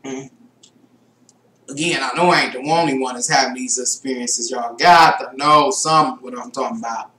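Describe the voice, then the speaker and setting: A middle-aged woman who vlogs about spirituality tells a casual, rambling story in an echoey room. Her voice is pushed and bright at a moderate pace, and she quotes herself in shrill exclamations.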